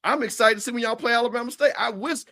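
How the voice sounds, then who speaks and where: A man co-hosting a sports talk stream, teasing rivals in an animated, repetitive way. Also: very high voice, very fast. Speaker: show co-host. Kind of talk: casual trash-talk commentary.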